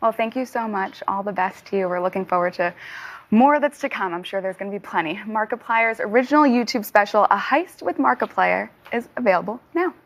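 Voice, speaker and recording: A woman working as a TV contributor, presenting a feature and interviewing her guest in a bright, upbeat manner. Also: medium pitch, expressive, fairly quick.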